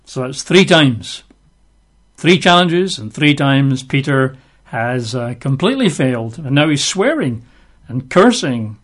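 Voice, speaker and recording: A man teaches from the Bible in a chatty, conversational sermon, slipping wry asides between scripture readings. His mid-range voice is sing-song and moves at a measured pace.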